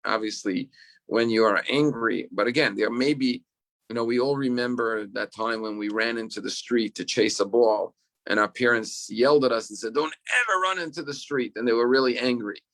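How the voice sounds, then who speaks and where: A man's voice: medium pitch, steady tone, moderate pace, a bit bright. A man teaching as a rabbi in an online class, telling stories earnestly and repeating words as he restarts.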